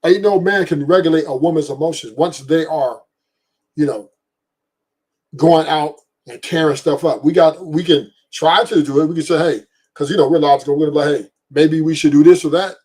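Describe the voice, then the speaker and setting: A man's voice: fairly high pitch, brisk, darkish tone, slightly rough, poor audio. A laid-back man, explaining his view on a talk show. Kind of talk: casual debate talk.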